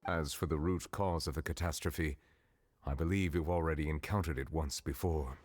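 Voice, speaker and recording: A solemn, formal game judge. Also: male voice, extremely low pitch, steady tone. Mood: grave. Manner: measured, formal explaining. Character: solemn, formal man explaining judgment. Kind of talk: video game voice acting.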